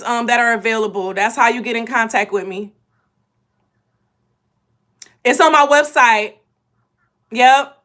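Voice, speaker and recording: A woman chatting casually to viewers on a live stream, emotional and animated, full of slang. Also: sits high. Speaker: spiritual reader hosting a live stream.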